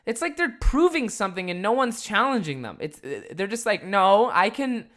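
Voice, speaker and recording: A man's voice: high-pitched, big pitch swings, brisk, fairly bright tone. A young man hosting a podcast, telling a rambling, profane story in a casual way. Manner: profane, rambling, lots of filler words. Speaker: podcast host.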